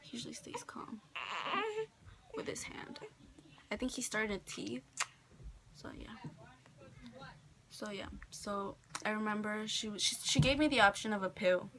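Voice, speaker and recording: A teenage girl vlogging casually from a bedroom, telling a personal story softly with many fillers, sometimes dropping near a whisper. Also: mid-range voice, unhurried, pauses often. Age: teens. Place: indoor bedroom, holding a baby. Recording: noticeable background noise.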